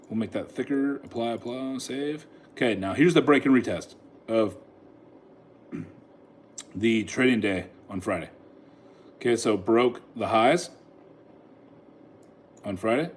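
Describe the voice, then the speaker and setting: Slow and full of long pauses, this mid-range male voice carries slight background noise. He's giving casual live commentary on his day trades, addressing the chart and laughing a lot while holding his phone to record.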